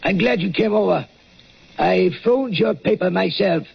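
A man's voice: sits high, unhurried, gravelly, slightly rough, heavily acted. An actor in a 1940s radio play voicing a nervous older watchman who talks hesitantly, full of uh, as he tells a grim tale. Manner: hesitant, full of uh, hushed storytelling. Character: old nervous watchman telling a ghoulish tale. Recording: lo-fi old radio broadcast with music bed.

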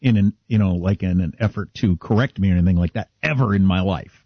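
A man's voice: low-pitched, fast, slightly rough, no echo, dull audio. A middle-aged man co-hosting a radio talk show, chatting casually and self-deprecatingly. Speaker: radio co-host.

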